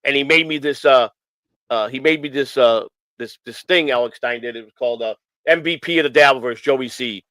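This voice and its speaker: A man talks on a casual morning stream, circling back and restarting his sentences again and again. His voice sits at an ordinary middle pitch, and the sound is dry and close. He comes across as earnest and emotional. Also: brisk, pushed and bright, no echo, poor audio. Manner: rambling, repeats phrases, many restarts. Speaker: host of a morning stream show. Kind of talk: casual rambling talk.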